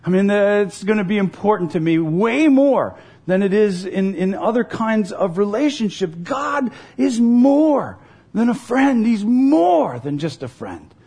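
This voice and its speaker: A man's voice: high-pitched, sing-song, unhurried, mellow, slightly rough. A middle-aged man pastor preaching a sermon in an earnest, conversational way, telling personal stories.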